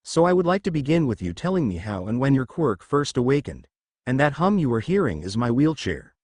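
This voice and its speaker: Man voicing a calm doctor, middle-aged, soothing, confident, measured, animated pitch. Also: dry recording, clean studio sound.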